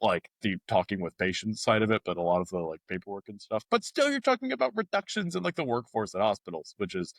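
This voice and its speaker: A man co-hosting a local news podcast, chatting casually and joking with quick put-on voices. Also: fairly low pitch, no echo. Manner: joking, animated voice impressions. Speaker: podcast co-host, journalist.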